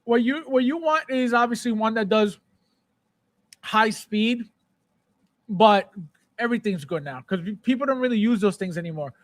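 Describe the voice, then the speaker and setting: High-voiced animated male livestream host. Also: moderate pace, long pauses, no echo. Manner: animated, repeats phrases, playful shouting bits. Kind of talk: casual live chat reading viewer comments.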